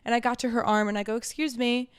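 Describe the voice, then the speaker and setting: A woman in her twenties chats on a podcast in a smooth, clear voice that sits a little high. She tells her story with energy, swears often, and slips into the voices of the people she is quoting. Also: very fast. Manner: animated storytelling, heavy swearing, acts out quotes. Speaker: podcast co-host. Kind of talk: casual chat.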